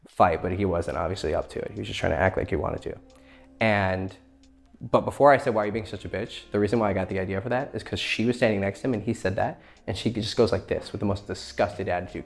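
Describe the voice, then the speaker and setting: A young man giving blunt, profane dating advice in a casual vlog. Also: fairly low pitch. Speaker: dating coach.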